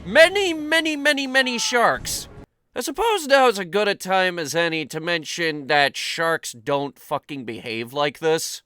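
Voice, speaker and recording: A man's voice: high-pitched, expressive, unhurried, pushed and bright. A man hosting a comedic movie review, ranting sarcastically and swearing freely.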